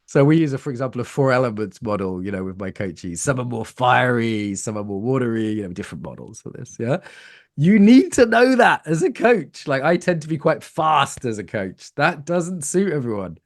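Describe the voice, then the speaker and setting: A man from Britain teaching a live coaching workshop, lively and playful, asking the room questions. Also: medium pitch, moderate pace.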